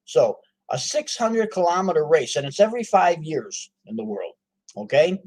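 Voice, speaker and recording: An animated man tells a folksy story, throwing in asides as he goes. His voice sits a little higher than most men's. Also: moderate pace. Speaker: author. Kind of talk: storytelling to a live audience.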